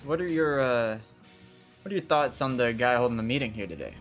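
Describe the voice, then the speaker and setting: A man's voice: medium pitch, expressive, a little fast, faint music behind. A man playing in a tabletop game, casual and hesitant. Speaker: player. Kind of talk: tabletop role-play.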